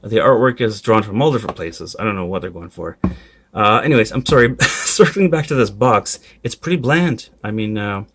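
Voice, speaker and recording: Gravelly man griping about toys. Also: on the low side, expressive, normal speed, noisy background. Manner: candid, complaining, apologetic asides. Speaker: toy collector reviewer. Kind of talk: casual review vlog.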